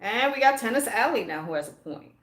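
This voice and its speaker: A woman's voice: on the high side, animated, brisk, fairly bright tone, reverberant. A woman from Belize co-hosting a live trivia stream from home, reading out player names and adding up points. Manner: reads names and tallies points, laughs easily. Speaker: co-host reading chat and keeping score. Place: home with slow internet.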